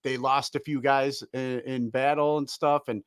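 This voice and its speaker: A man hosting a podcast, chatting casually and laughing easily, with halting restarts. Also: medium pitch, little pitch movement, clean tone, no echo, clean studio sound. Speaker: podcast host. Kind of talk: casual chat.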